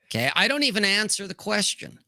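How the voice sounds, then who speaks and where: A man's voice: high-pitched, sing-song, a little fast, gravelly, pushed and bright, no room sound, studio quality. A man in casual podcast talk, blunt and profane, who acts out both sides of conversations as he talks.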